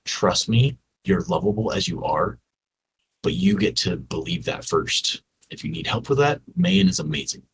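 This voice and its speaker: A man's voice: low-pitched, big pitch swings, moderate pace, gravelly, a little hiss or hum, poor audio. A man co-hosting a podcast, talking earnestly and directly to listeners in a heartfelt conversation. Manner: earnest, speaks straight to listeners. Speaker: podcast co-host.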